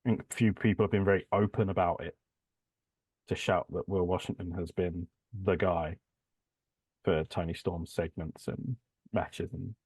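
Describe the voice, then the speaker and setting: A man with a fairly low voice chats on a podcast. He is measured and matter-of-fact, and the sound is dry and close. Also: steady tone, a little mellow, husky, no room sound. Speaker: podcast co-host. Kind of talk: casual chat.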